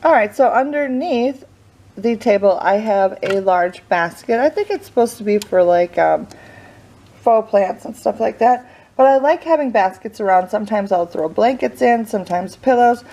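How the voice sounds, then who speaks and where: A woman's voice: a little high, lively intonation, moderate pace, dark tone. A young woman giving a casual tour of her living room for a home vlog, a bit out of breath and nervous, chatty and rambling with lots of fillers. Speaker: home decor vlogger. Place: indoor living room, hot room.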